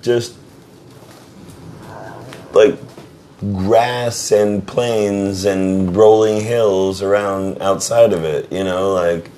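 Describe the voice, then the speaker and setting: A man's voice: on the low side, fairly even intonation, extremely slow, pauses often, mellow, slight background noise. A man hosting a casual late-night chat with a musician guest. He jokes, laughs and rambles. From visitor often based in Seattle. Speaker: podcast host interviewing a musician.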